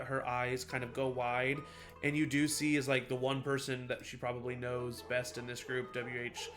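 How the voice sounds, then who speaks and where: A man's voice: medium pitch, a bit bright. A man narrating a tabletop game as game master, loose and full of fillers. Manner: casual, filler-heavy description.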